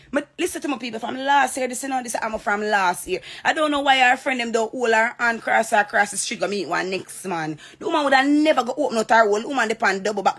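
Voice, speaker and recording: A woman's voice: fairly high pitch, a bit bright. A woman with a Jamaican accent in a direct-to-camera rant, heated, confrontational and repeating herself. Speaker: social media personality.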